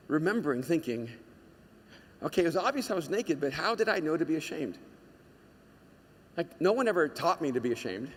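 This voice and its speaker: A man preaching a sermon to a congregation, telling a personal story in an animated way and shouting out the lines he quotes. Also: high-pitched, long reverb tail. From United States. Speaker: pastor.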